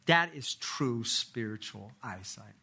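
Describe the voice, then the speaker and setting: A pastor preaching a sermon and closing in prayer, earnest, slowing down to stress key points. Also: male voice, medium pitch, animated, vocal fry, pushed and bright, husky.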